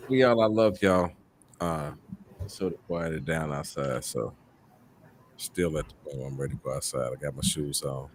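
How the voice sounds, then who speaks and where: A man hosting a casual talk show, telling a long story in a loose, profane, animated way. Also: extremely low pitch, normal speed, slight background noise. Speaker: host. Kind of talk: casual chat.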